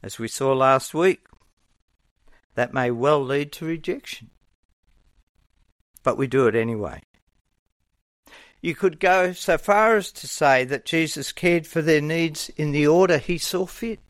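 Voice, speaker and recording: Slow, earnest preacher. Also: male voice, on the high side, no echo. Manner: measured, earnest, acts out quoted voices. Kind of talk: sermon.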